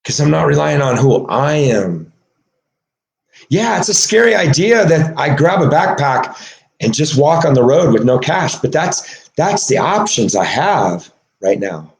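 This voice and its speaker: A man rants in an emotional monologue, cursing as he lurches between quiet mutters and raised shouting. His voice sits a little high for a man and swoops all over the place. The sound rings around an echoey room. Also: big pitch swings, measured pace, gravelly. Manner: agitated, swearing, swings from low mutters to shouting.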